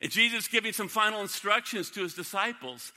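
Bright-voiced male preacher in a reverberant hall. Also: high voice, fast talker. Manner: emphatic, repeats key lines, asks the congregation questions. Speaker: pastor. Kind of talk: sermon. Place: church sanctuary. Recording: long reverb of a large hall.

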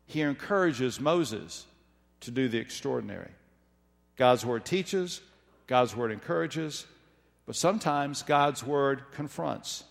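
A man giving a measured, emphatic sermon, slowing down when he reads scripture. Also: mid-range voice, expressive, vocal fry. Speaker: preacher. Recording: long hall reverb.

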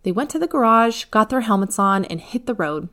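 A woman narrating a children's storybook in a clear, even reading voice. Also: fairly high pitch, brisk.

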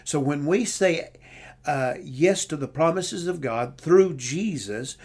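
A man preaching a sermon, reading scripture aloud and repeating phrases with slow, deliberate emphasis. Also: fairly high pitch, lively intonation, darkish tone, husky.

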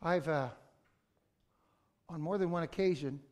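A middle-aged male pastor preaching a conversational sermon that breaks into sudden loud outbursts. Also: a little high, unhurried.

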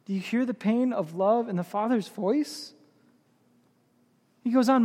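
High-voiced preaching man in a hall. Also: measured pace, pauses often, a little mellow. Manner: impassioned preaching with rising emphasis. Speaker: pastor. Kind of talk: sermon.

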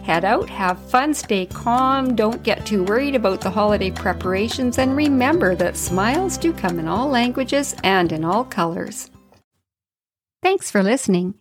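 A middle-aged woman hosting her own podcast, telling a workplace story in a casual way and often laughing as she goes. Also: a little high. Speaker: podcast host.

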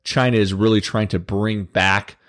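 A man's voice: fairly low pitch, steady tone, normal speed, fairly bright tone. A man giving casual news commentary as a political commentator, conversational with wry, sarcastic asides.

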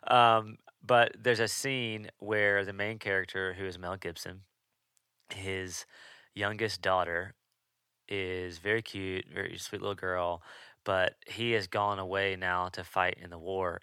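Low, bright-voiced young man chatting. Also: clear, resonant tone, no room sound, studio quality. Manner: chatty, laughs easily, storytelling. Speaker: podcast co-host. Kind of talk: casual chat.

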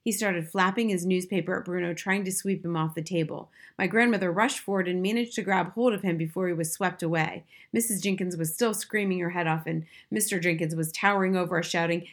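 A woman reading a children's novel aloud in a clear, expressive storybook narration. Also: on the low side, fairly quick, few pauses. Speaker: audiobook narrator.

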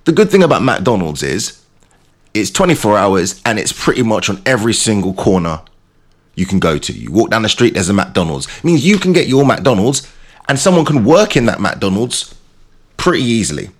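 Animated English man telling a story. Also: lowish voice, normal speed. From England. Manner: animated, theatrical storytelling with mimicked voices. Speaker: radio host. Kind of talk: casual chat with storytelling.

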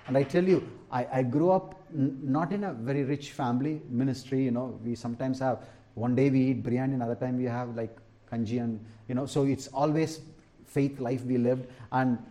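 A man's voice: medium pitch, dark tone. Man preaching with emphatic repetition. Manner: emphatic preaching, repeats key lines, asks the congregation "Amen?". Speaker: pastor. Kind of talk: sermon.

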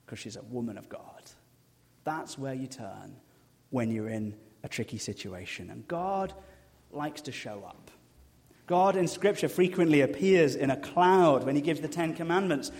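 A man preaching a sermon as a pastor, an animated storyteller who drops to a hush for emphasis. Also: medium pitch. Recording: long reverb of a hall.

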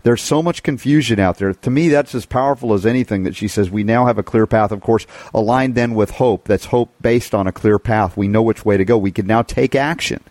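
A man's voice: lowish voice, brisk, hardly any pauses, darkish tone, no room sound. A man co-hosting a talk show, speaking in an enthusiastic, emphatic way. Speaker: co-host. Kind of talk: casual talk-show chat.

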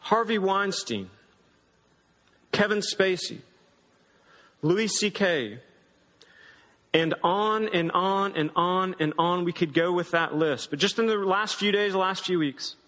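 A man's voice: high-pitched, slow, pauses often, fairly bright tone. A man pastor preaching a sermon in a conversational, emphatic way. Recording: long hall reverb.

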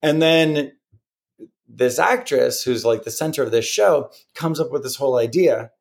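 A man's voice: mid-range voice, moderate pace, creaky. A man co-hosting a podcast, telling a story in casual chat and acting out what other people said. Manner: animated storyteller who acts out other people's words. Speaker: podcast co-host.

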